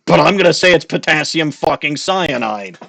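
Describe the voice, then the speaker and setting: A man's voice: lively intonation, moderate pace, vocal fry, bright, forceful tone, dry recording. Theatrical male streamer voicing a lawyer. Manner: theatrical, lowered courtroom delivery with swearing asides. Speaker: streamer playing a game. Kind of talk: dramatic game dialogue reading. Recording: faint music behind.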